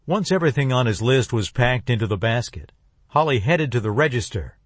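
A male narrator reads an audiobook in a steady, even manner. His voice is mid-pitched and sits dry and close to the mic. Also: a little fast, dry recording.

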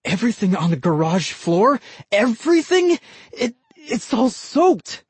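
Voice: mid-range voice, unhurried, darkish tone, breathy edge, dry recording. A narrator voicing a bewildered grown man who stammers and then scolds sternly. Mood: shocked.

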